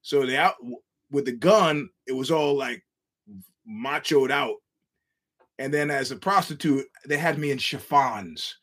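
A man's voice: medium pitch, measured pace, a bit bright. A man hosting his own podcast, rambling through a wry, chuckling solo monologue with frequent restarts. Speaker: podcast host.

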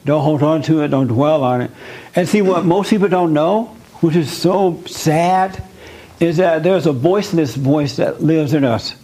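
A man's voice: on the high side, a little slow, warm tone, poor audio. A man leading a spiritual discussion group, preaching earnestly and drawing in listeners with repeated questions and emphatic repetition. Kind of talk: interactive sermon with audience questions.

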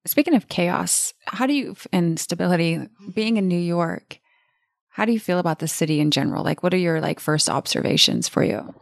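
A woman's voice: on the low side, fairly quick, vocal fry, no echo, studio quality. Candid chatty middle-aged woman host. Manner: candid, animated storytelling, swears freely. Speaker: podcast host, life coach. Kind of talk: casual chat.

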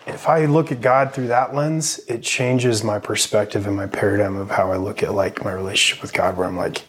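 A man's voice: lowish voice, steady tone, fairly quick, hardly any pauses, breathy edge. A man in his thirties, a podcast guest, talking earnestly and casually about faith with many fillers. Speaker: podcast guest, army medic veteran.

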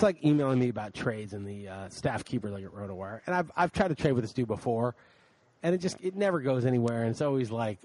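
A man's voice: mid-range voice, no room sound, rough recording. A man co-hosting a podcast, ranting in casual chat with frequent swearing. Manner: animated, profane ranting. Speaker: podcast co-host.

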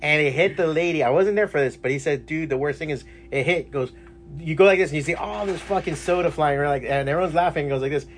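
A man's voice: fairly high pitch, quick pace. A man hosting a podcast, chatting casually and swearing freely as he tells stories. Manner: swears freely, storytelling with laughs. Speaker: podcast host, comic shop owner. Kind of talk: casual chat. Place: comic shop.

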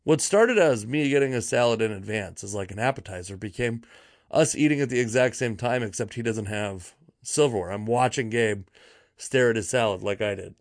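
A man hosting a podcast, telling a comic story in a rambling, wry way, full of exaggeration, fillers and quick self-corrections. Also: lowish voice, lively intonation, no room sound, clean studio sound. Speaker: podcast host. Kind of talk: casual comedic storytelling monologue.

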